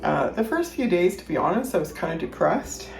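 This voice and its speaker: A woman's voice: lowish voice, big pitch swings, fairly quick, creaky, background noise. Chatty woman in an echoey kitchen. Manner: chatty, rambling, thinks aloud. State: a little out of breath. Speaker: home cooking vlogger. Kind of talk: casual kitchen chat. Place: home kitchen.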